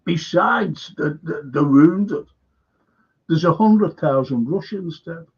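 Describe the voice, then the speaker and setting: A man's voice: fairly high pitch, lively intonation, slow pace, slightly rough. A man hosting a live stream, rambling emphatically, repeating himself and firing questions at his viewers. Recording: dull lo-fi stream audio.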